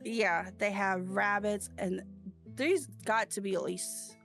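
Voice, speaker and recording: A woman in casual chat, telling stories haltingly with many fillers. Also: mid-range voice, gravelly, fairly bright tone, soft background music.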